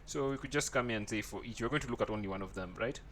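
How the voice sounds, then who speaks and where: A man's voice: mid-range voice, very fast, a bit bright, a little hiss or hum. A man teaching a coding tutorial, thinking aloud as he types and often checking in with "right?". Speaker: programming tutor. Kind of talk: screen-recorded coding tutorial.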